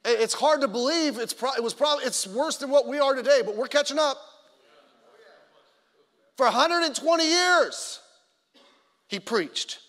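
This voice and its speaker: A man with an unusually high voice delivers an animated sermon, jumping between loud, punchy exclamations and quiet asides. He tells stories and acts out other people's lines. His voice rings with a long reverb off the walls of a large church hall. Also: a little slow, pauses often. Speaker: preacher.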